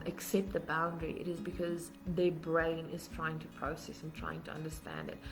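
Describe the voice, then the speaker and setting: Woman host of a live parenting workshop, low voice, earnest, walks through points one by one. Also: a bit bright, poor audio. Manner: earnest, explanatory, steps through numbered points. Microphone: webcam or phone on a live stream.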